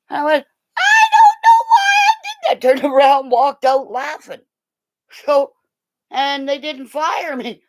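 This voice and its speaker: A woman rambles through a personal story, her pitch swinging widely as she goes. She laughs often and breaks into loud acted quotes. The sound is dry and close. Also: no room sound. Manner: rambling, animated, bursts into loud shouted quotes. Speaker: vlogger telling a story.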